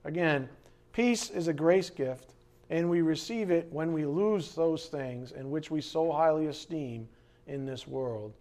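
A middle-aged pastor delivers his sermon in a lively, conversational way, full of asides to the listeners. His voice sits a little on the high side for a man. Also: unhurried. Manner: animated and conversational, with frequent asides.

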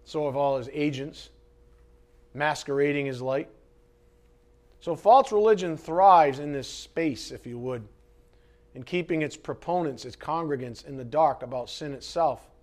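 Male preacher with a fairly high voice, delivering a dramatic sermon that swings between loud emphasis and hushed asides. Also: measured pace. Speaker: pastor.

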